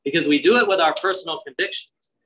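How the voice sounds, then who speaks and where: Earnest pastor preaching from a distance. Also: male voice, fairly high pitch, quick pace. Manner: earnest, conversational preaching with sudden drops to a hushed voice. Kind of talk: sermon.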